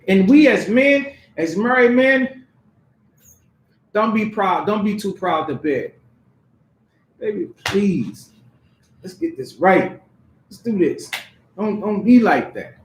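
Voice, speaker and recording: High-voiced man preaching in an echoey hall. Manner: conversational, street-casual preaching with acted voices and laughter. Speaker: pastor. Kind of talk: sermon with acted examples. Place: church hall.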